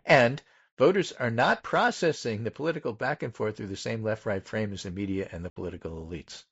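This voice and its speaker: A man's voice: fairly low pitch, fairly bright tone, breathy edge, dull audio. A man hosting a casual political talk show, reading poll findings aloud and stressing each number in turn. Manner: methodical, pauses to stress numbers. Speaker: political podcast host.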